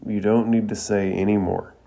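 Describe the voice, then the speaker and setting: A man doing a booming, enthusiastic ninja sensei. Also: level tone, moderate pace, vocal fry, mellow. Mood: tearful tender. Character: booming, confident adult male ninja teacher.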